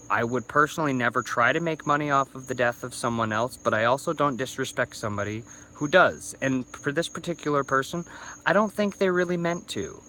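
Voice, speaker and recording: A man's voice: on the low side, pushed and bright, slight background noise. Slightly drunk man ranting into a phone. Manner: rambling, stumbling restarts, swearing. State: a little drunk. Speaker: YouTuber. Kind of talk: casual ranting vlog.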